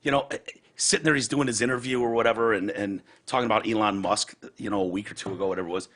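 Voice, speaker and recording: A man's voice: fairly low pitch, fairly even intonation, racing, fairly bright tone, slight background noise. A man hosting a podcast in casual chat, ranting heatedly and profanely and acting out other people's words. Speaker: podcast host.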